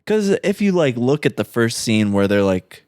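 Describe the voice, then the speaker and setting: A man's voice: mid-range voice, very animated, normal speed, noisy background. A man co-hosting a podcast, chatting casually about a movie in a loose way, swearing and saying "like" a lot. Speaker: podcast co-host.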